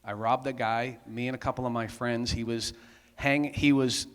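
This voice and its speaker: A man's voice: mid-range voice, steady tone, moderate pace, clean tone, long reverb tail. A middle-aged man, giving a candid personal testimony at a men's conference, talking conversationally with frequent asides. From Massachusetts.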